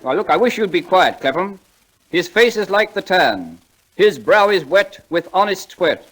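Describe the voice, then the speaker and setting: A man's voice: high voice, very animated, normal speed, a bit bright, heavily acted, low-quality recording. An actor playing a pompous man who recites poetry in grand tones and snaps at interruptions, in 1940s radio comedy style. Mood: exasperated. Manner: declaims grandly, snaps in irritation.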